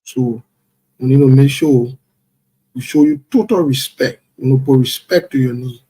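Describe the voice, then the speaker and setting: Husky man hosting a live stream. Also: medium pitch, big pitch swings, normal speed. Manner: playful, chuckling, shout-outs to viewers. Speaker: livestream host. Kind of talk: casual live-stream chat, reading out viewers.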